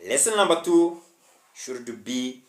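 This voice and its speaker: Man, teacher, casual home lesson, repetitive urging, slightly high voice, echoey room. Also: expressive, slow. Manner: repetitive, exhorting, frequent tag questions. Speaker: English teacher. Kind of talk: casual spoken English lesson.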